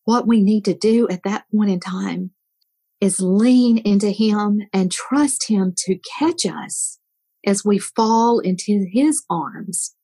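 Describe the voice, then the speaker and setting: An older woman giving an earnest Christian devotional talk, telling a story and often dropping her voice to a soft whisper at the end of a line. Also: mid-range voice, slow pace, breathy edge. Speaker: guest speaker.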